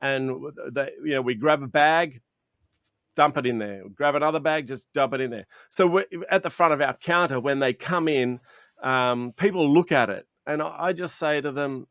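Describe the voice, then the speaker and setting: The guest is an Australian chocolatier whose medium-pitched voice keeps a moderate pace as he enthusiastically tells stories in a video interview. He acts out customer conversations with lots of animation and frequent restarts. There's no echo, and the video-call audio sounds clean, like a studio.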